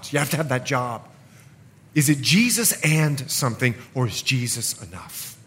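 There's slight background noise as a middle-aged man with a medium-pitched voice preaches. His sermon is animated, alternating loud stretches with hushed ones, and he performs the scripture's voices.

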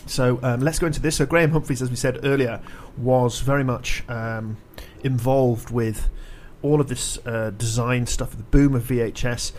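A man hosting a casual radio-style chat, relaxed and talkative, with fillers as he links segments. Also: medium pitch, moderate pace, hardly any pauses, slight background noise. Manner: relaxed, chatty, hesitant fillers. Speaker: host.

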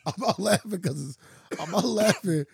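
A man's voice: high-pitched, moderate pace, vocal fry, slightly rough, dry recording. A man co-hosting a casual podcast chat, laid-back and laughing a lot as he talks in easy slang. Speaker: podcast co-host.

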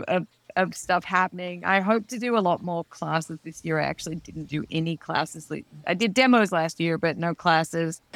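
An Australian woman as a podcast guest, talking in a lively casual way and acting out quoted voices. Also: mid-range voice, no echo.

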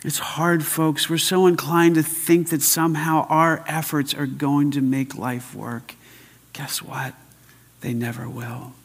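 An older man preaching a sermon as pastor, emphatic, swinging between loud and hushed. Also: on the high side, fairly even intonation, moderate pace, husky. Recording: long hall reverb.

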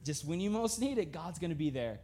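A young man delivers a sermon in a relaxed, lively storytelling style, laughing often before sinking into a soft, slow, sincere tone. His pitch sits fairly high.

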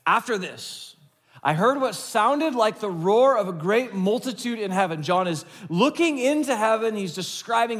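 A man's voice: high voice, a bit bright. A male pastor preaching a sermon in an emphatic, conversational way, asking his listeners rhetorical questions.

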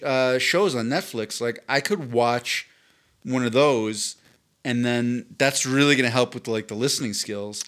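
A man of middle pitch talks casually on a podcast, poking fun at himself and swearing offhandedly. His voice sits in an everyday register with a relaxed, conversational flow. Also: measured pace. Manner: chatty, self-mocking, swears casually. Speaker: podcast co-host.

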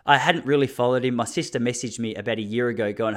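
A thirtysomething Australian man races through a casual solo podcast monologue at medium pitch, hardly pausing, his tone a bit bright. He speaks with intensity and laughs between his points.

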